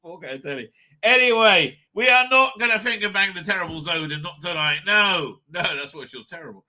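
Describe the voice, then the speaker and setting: A man's voice: high-pitched, animated, fairly quick, bright, forceful tone. A man hosting a live stream, rambling crudely and laughing often between his own remarks.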